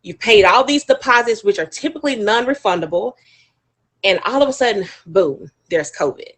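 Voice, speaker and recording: A woman wedding planner talking to an audience, quizzing them and coaxing their guesses in an animated, chatty way. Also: mid-range voice, normal speed. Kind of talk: audience talk with quiz questions.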